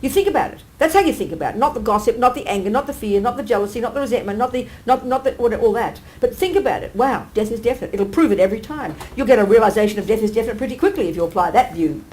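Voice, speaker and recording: A nun giving a dharma teaching in a blunt, emphatic, colloquial way, full of rhetorical questions. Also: female voice, fairly high pitch, animated, very fast, few pauses, a little mellow, slight background noise, low-quality recording. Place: meditation centre teaching hall.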